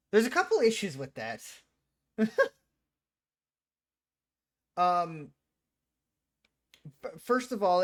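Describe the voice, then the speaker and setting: A man raised in Italy giving casual, opinionated reaction commentary, animated and quick to laugh. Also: on the high side. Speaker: reaction video host.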